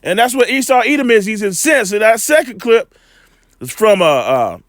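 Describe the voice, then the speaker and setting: A man giving a loose, slangy scripture lesson, full of fillers and repeated "all right", slowing down when he reads the verses. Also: high voice, sing-song, fairly bright tone, no echo, studio quality. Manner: reads scripture slowly and deliberately. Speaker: bible teacher.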